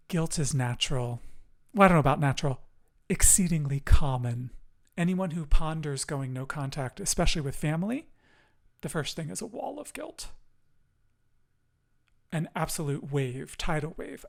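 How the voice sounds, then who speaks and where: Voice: mid-range voice, vocal fry. A podcast host speaking in an affirming, encouraging and emotive way during a casual chat.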